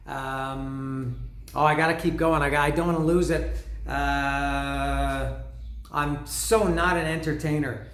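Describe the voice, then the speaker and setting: Excitable man in an echoey room. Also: a little high, slow. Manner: excitable, stumbling, self-apologetic. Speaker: podcast host. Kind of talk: casual music album commentary. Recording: roomy echo.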